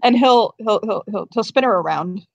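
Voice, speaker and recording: A woman's voice: medium pitch, animated, moderate pace, creaky, no echo. A woman at a tabletop game, rambling through what her character does in a loose, giggly way, tripping over her own restarts. She swears casually now and then. The recording sounds a bit dull and lo-fi. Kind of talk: casual role-play narration.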